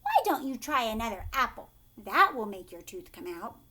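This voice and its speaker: A bold father speaks up loudly in a storybook read-aloud, voiced by a woman. The voice is high and lively. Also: moderate pace, breathy edge, full character voice. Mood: puzzled. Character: a boy's father, bold and sure of himself.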